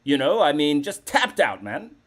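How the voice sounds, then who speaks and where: A man's voice: a little high, sing-song, normal speed, fairly bright tone. A man hosting a live call-in comedy show, talking in a brash, profane, rambling way. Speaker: host.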